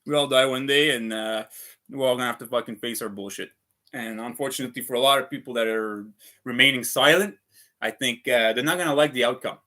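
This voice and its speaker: A man's voice: mid-range voice, brisk, sharp tone. A man ranting heatedly on a casual livestream, swearing often and repeating himself. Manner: heated, profane, repetitive ranting. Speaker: vlogger.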